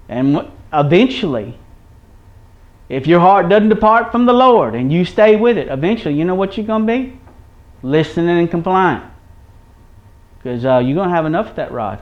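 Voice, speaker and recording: A man preaching a sermon, reading scripture in old wording and explaining it in plain, folksy talk straight to his listeners. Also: a little high. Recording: dull lo-fi recording.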